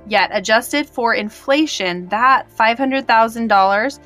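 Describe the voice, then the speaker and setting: A woman's voice: fairly high pitch, a little slow, a bit bright, faint music behind. Chatty woman co-hosting a true crime show. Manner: explains the story in a casual, chatty way. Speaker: podcast co-host. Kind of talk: true crime podcast chat.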